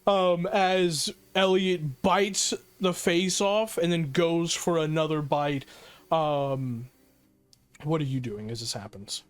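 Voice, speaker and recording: A man's voice: fairly high pitch, slow pace, smooth, faint music behind. A man running a tabletop horror game as game master, narrating vividly with many fillers.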